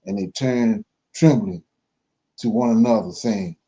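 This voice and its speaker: A man reading scripture aloud for a Bible study, slow and careful, pausing and correcting himself as he goes. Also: on the low side, warm tone, muffled recording.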